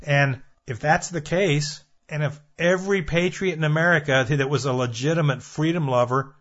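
A man's voice: on the high side, normal speed, a bit bright. Earnest man preaching warnings, lo-fi. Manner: earnest, repetitive warnings addressing listeners directly. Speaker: prophecy radio program host. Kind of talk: preaching monologue. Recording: dull lo-fi audio.

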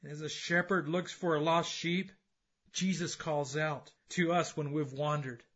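A man preaching an impassioned sermon, swinging between loud emphasis and hushed intensity, in a dull lo-fi recording. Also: on the high side, fairly even intonation, measured pace. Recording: dull lo-fi sound.

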